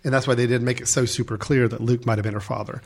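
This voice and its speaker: Guy chatting about a movie, middle pitch, lays out his thinking calmly. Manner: measured, opinionated, explains his reasoning. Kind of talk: casual movie discussion.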